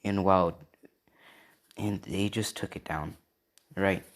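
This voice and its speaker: Deep, slow-talking man rambling through a story. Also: steady tone. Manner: rambling, many "and yeah" and "right?" fillers. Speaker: fan storyteller. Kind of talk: casual improvised storytelling.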